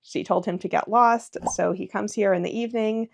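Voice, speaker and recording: A woman's voice: medium pitch, fairly even intonation, moderate pace, creaky. A woman hosting a puzzle video, reading a mystery story aloud in casual chat and laughing often. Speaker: puzzle channel host.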